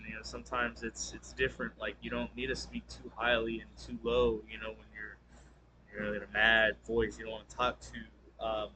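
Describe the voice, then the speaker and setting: A man's voice: medium pitch, background noise. Young man rambling through a class summary. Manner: rambling, many fillers and restarts; talks fast, by his own account. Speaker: student presenting a class assignment. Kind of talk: casual spoken summary.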